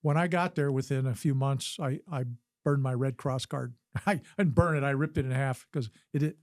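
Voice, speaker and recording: A man's voice: mid-range voice, normal speed, darkish tone, no room sound, clean studio sound. An older man, a podcast guest and former combat physician, telling a story in an interview with earnest delivery and frequent restarts. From United States.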